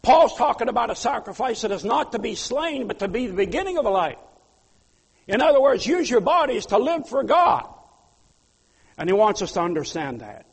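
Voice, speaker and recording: A man preaching a sermon, his voice high and gravelly with a husky edge. He rises into loud pleas, then drops to quiet asides. A long hall reverb trails behind every phrase. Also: very animated, moderate pace. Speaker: pastor.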